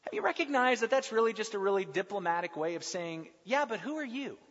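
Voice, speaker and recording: High male voice, earnest sermon, emphatic pauses, long hall reverb. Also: sing-song, fairly bright tone, highs cut off. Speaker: preacher.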